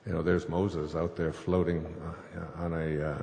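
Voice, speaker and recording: A man's voice: low voice, little pitch movement, measured pace, gravelly, dark tone. A man, a spiritual author, telling a scripture story to an audience in a rambling way, with fillers and chuckles. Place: stage before a live audience. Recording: echoey hall, faint noise.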